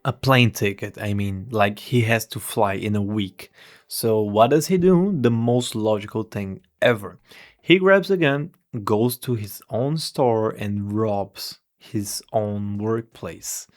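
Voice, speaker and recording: A man's voice: on the low side, slow. A man giving a rambling, irreverent movie review, swearing and restarting his sentences.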